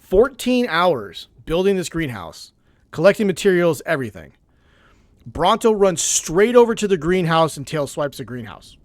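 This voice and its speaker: A man co-hosting a casual gaming podcast, telling stories in an animated way with frequent restarts. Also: a little high, normal speed, dry recording. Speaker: co-host.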